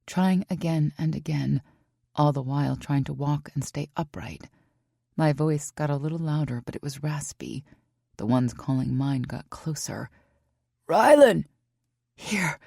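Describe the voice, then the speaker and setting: A woman narrates a romance audiobook in a low, gravelly voice. Her tone is dark and husky, the delivery intimate and emotive. The recording is dry and close. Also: moderate pace, no room sound. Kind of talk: scripted first-person romance narration.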